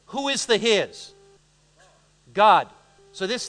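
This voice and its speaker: A man's voice: sits high, animated, a little slow, long pauses, a bit bright. An American man preaching a sermon, calling out questions to the audience and joking with them. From United States. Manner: call-and-response, joking with the audience. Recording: long hall reverb.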